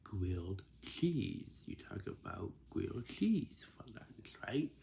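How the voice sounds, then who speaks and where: A young man giving casual advice, talking in halting phrases that he often restarts and sometimes drops to a whisper. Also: fairly low pitch, sing-song, vocal fry, mellow, a little hiss or hum.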